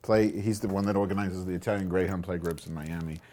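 A man's voice: low voice, fairly even intonation, fast talker, warm tone. A man hosting a crude, rambling live-stream from home, swearing at his viewers and muttering asides as he makes tea. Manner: profane, sarcastic, mock-insulting to viewers. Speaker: live webcam show host. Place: home, indoors. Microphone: computer microphone.

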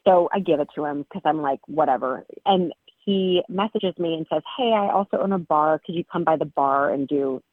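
A woman co-hosting a podcast, telling a story in chatty talk with many fillers. Her voice sits a little low. She comes through a tinny phone line, and the sound is dry. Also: normal speed, dry recording. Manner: chatty, lots of "like" and "um". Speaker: podcast co-host. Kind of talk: casual storytelling.

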